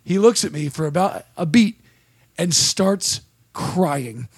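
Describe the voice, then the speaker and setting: A man's voice: a little high, slow pace, slightly rough, dry recording, clean studio sound. A male comedian hosting a podcast, telling a story and acting out the people in it. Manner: animated storyteller, acts out quotes.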